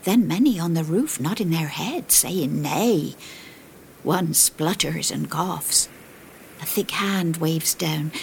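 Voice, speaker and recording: A woman narrating a first-person tale in a hushed, breathy whisper with old-fashioned phrasing. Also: low voice, takes it slowly, a little hiss or hum. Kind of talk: whispered storytelling.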